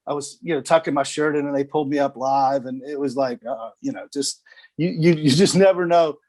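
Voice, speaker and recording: A TV sports director of around sixty tells stories during a casual video call interview, laughing often and repeating words as he begins his phrases. His voice is on the high side and a little mellow, and he speaks briskly.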